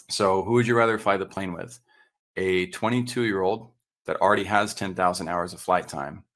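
A man with a notably low voice tells a business story as a podcast guest. He talks animatedly, acting out what people said, with plenty of fillers and restarts along the way. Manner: animated, acts out quoted dialogue, frequent fillers and restarts. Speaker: podcast guest, entrepreneur and consultant.

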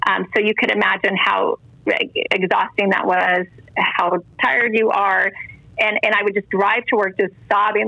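Woman guest, 40s, earnest faith talker, bright voice over a dry, slightly lo-fi line. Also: mid-range voice, fairly even intonation, moderate pace, creaky, no echo. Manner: earnest, rambling with restarts, emphatic on faith. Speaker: guest, mother of ten. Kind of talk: casual faith interview talk.

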